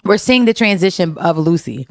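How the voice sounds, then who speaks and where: A woman's voice: on the low side, expressive, normal speed, gravelly, darkish tone, no room sound, studio quality. A woman co-hosting a casual podcast about a TV series, playful and emphatic, laughing often. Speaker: podcast co-host. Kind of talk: casual chat reviewing a TV series.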